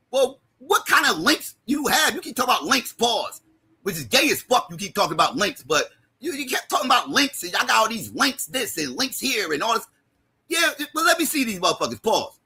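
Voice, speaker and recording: Male streamer, high lively raspy voice, angry mocking roast. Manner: heated, mocking, often shouting. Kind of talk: profane roast rant.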